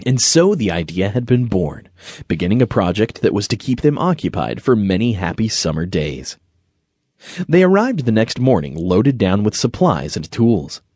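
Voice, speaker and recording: Male audiobook narrator, husky and expressive, dry close studio sound. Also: lowish voice, moderate pace, dry recording. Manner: gentle storytelling. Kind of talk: scripted narration.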